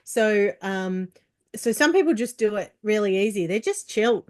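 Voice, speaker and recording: Woman parenting coach, mid-pitched. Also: animated, unhurried, a little mellow. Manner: thoughtful, hesitant restarts. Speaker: podcast guest, parenting coach. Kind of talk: casual conversational interview.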